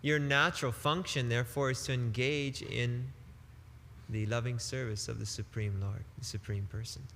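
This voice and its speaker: A man giving a devotional sermon as a spiritual teacher, emphatic and deliberate, with casual turns of phrase. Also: mid-range voice, fairly even intonation, creaky, a bit bright, in a large hall, a little hiss or hum.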